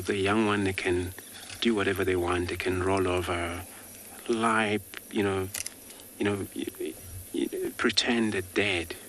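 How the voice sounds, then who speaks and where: A man's voice: low-pitched, slight background noise. A man working as a safari guide, giving live wildlife commentary outdoors in a loose, easygoing way full of filler words. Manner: relaxed, many filler words.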